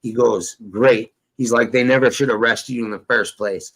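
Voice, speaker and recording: Gravelly man telling a profane tall tale. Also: medium pitch, steady tone, moderate pace, fairly bright tone, rough recording. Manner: rambling, profane, acts out quoted dialogue. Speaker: storyteller guest. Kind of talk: casual profane storytelling.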